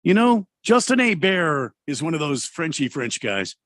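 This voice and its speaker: A man co-hosting sports talk radio, rambling and hesitating with many pauses. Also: fairly high pitch, very animated, fairly bright tone. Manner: rambling, hesitant, full of uh's. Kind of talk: casual sports talk banter.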